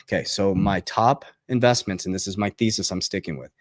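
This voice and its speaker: A man hosting an investing channel talks in a lowish voice that is recorded dry and close. He is emphatic and repetitive, keeps asking "okay?", and gets fired up as his pitch jumps on the big lines. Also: brisk, no room sound. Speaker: crypto and investing channel host. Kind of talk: motivational finance talk to camera.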